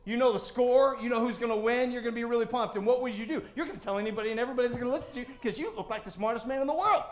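Male pastor, high voice, animated, shifts into character voices, echoey church sanctuary. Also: racing. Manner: animated, acts out voices of crowds and God. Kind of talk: sermon.

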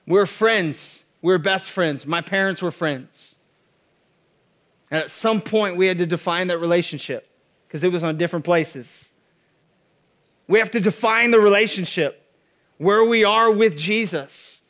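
Pastor, male, very high voice, chatty sermon with wry asides. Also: a little slow, long pauses, a bit bright. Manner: casual, joking asides.

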